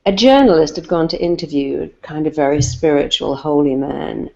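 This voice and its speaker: A woman speaks as a therapist, with a low, mellow voice. She gives emphatic, repetitive motivational advice and builds her points through lists and stories. The recording sounds slightly muffled and lo-fi. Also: moderate pace, vocal fry. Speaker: therapist guest.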